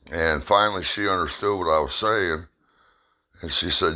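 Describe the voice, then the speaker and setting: A man's voice: sits low, normal speed, sharp tone. A middle-aged man telling a personal story in a plainspoken, rambling way with blunt humor.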